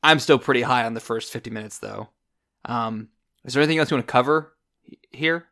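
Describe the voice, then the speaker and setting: A man hosting a casual film podcast, chatty and animated as he leads the discussion. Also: medium pitch, fairly quick. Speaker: podcast host.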